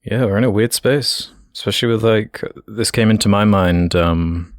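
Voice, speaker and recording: A man's voice: on the low side, moderate pace, no echo, clean studio sound. A man co-hosting a podcast in casual chat, easygoing and agreeable, with many "like" fillers. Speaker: podcast co-host.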